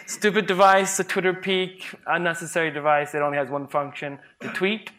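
A man's voice: on the high side, moderate pace, bright, forceful tone. A man, a psychologist, giving a humorous conference talk, playful and sarcastic, often laughing at his own examples.

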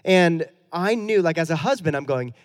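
A man in his thirties, a pastor giving a sermon in a relaxed, conversational storytelling way with self-deprecating humor. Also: fairly high pitch, normal speed.

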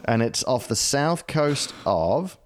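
A man's voice: medium pitch, sing-song, slow. A man with a New Zealand accent chatting casually on a podcast, rambling and joking, often laughing. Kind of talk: casual chat.

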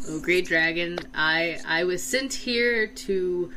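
A woman voicing Ravine, a polite, hesitant young male knight, speaking lower and softer than her own voice. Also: slow pace, slight background noise, rough recording. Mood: earnest, hesitant.

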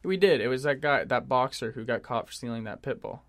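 A man co-hosting a podcast in casual chat, animated, swearing freely and laughing often. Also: medium pitch, brisk. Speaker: podcast co-host.

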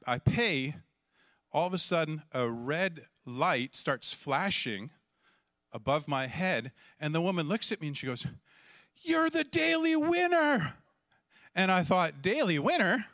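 A middle-aged man from Canada, a pastor telling a lively story in a sermon and acting out the voices in it. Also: fairly high pitch, no echo, studio quality. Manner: animated, acts out voices and shouts in the story.

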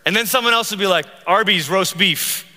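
A man preaching a sermon, animated and jokey, slipping into voices for the people he quotes. His voice sits high and bright. It rings out with the long reverb of a large hall. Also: a little fast. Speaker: pastor.

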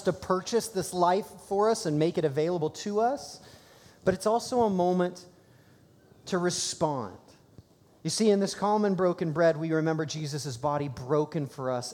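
A man preaching a sermon at a church service, telling stories conversationally and breaking into excited bursts. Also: high-pitched. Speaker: pastor. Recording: long hall reverb.

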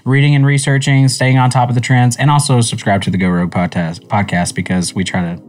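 A man hosting a podcast in casual chat, animated and rambling, quick to laugh. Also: medium pitch, soft background music. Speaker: podcast host.

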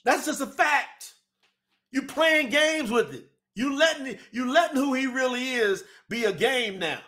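High, bright-voiced man preaching emphatically. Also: lively intonation, unhurried. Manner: emphatic, with many rhetorical questions. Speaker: scripture translator and host. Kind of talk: religious teaching talk.

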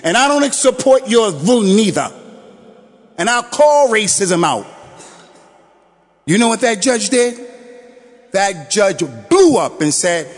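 A man preaching a sermon, his voice sitting high for a man. He tells his story with animated delivery, then rises into shouted calls and rapid recitation, all ringing through a long reverberant hall. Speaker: imam giving Friday sermon. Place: mosque prayer hall.

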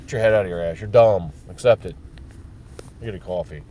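Low-voiced man ranting profanely while driving. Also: fairly quick, mellow. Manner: profane, blunt, rambling. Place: in a car. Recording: car road noise behind. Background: road rumble.

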